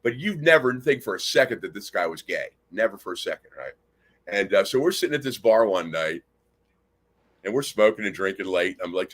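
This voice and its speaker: A man's voice: fairly low pitch, lively intonation, fairly quick. A man from Nashville hosting a talk radio show, telling long rambling stories with plenty of swearing. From Nashville, Tennessee. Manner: rambling, profane storyteller. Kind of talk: casual chat.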